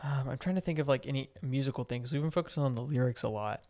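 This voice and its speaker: A young man co-hosting a casual music review, talking in a relaxed, hesitant way and humming melodies. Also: medium pitch, fast talker. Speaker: podcast co-host.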